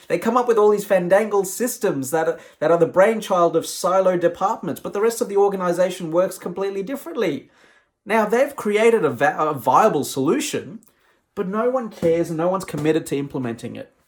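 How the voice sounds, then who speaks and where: A man with a fairly high voice delivers a motivational talk straight to camera. His speech is emphatic yet conversational, as a professional speaker's would be. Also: lively intonation, a little fast.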